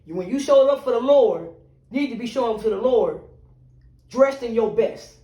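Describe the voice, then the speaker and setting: High-voiced man, emphatic, in a roomy space. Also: expressive, dark tone, dull audio. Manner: emphatic, exclaims "Lord" and "Jesus" in reaction; builds points slowly with rhetorical "right?". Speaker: podcast co-host. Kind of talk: casual conversation about faith. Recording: roomy sound, distant from the mic.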